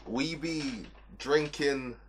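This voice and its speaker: Brief: gruff swaggering pirate, a man hamming it up, fake Scottish brogue, slow drawl, loud music behind. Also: mid-range voice, slight background noise. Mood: gloating. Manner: tacks "lad" onto everything, "be" for "is".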